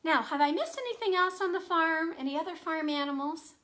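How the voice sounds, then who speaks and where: A woman librarian leading a children's storytime from home, animated and full of gasps as she talks to young kids. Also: very high voice, a little fast.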